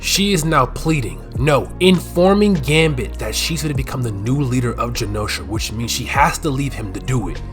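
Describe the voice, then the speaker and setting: A man recaps a show for laughs in a loose, slangy voice. His pitch jumps around a lot, and he bursts out loudly now and then. Clear background music plays under him. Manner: slangy, animated, swings to loud outbursts. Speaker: recap commentator. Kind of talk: comedic show recap narration.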